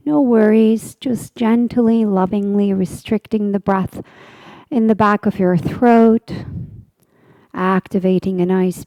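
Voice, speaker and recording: A woman teaching a guided yoga class, giving slow, soothing cues that often drop to a half-whisper. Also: mid-range voice, vocal fry, mellow, no echo.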